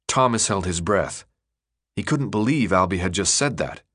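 A man reading an audiobook in scripted narration with a steady, even delivery. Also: low voice, normal speed.

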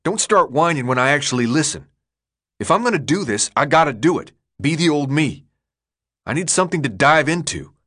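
A man voicing a gloomy teenage boy leader who mutters in a low, resigned way. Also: big pitch swings, fairly quick, sharp tone, full character voice. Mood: determined.

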